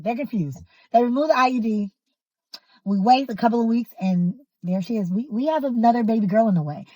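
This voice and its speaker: Woman, 30s, casual storyteller. Emphatic and exasperated, fairly high pitch. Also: a little mellow, husky, no echo, low-quality recording.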